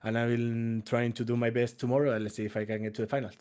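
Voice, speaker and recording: A man speaks as a professional player in a casual interview. He talks modestly, hesitating and restarting now and then, in a mid-pitched voice. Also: little pitch movement, quick pace, a little mellow, clear, resonant tone. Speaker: pro player.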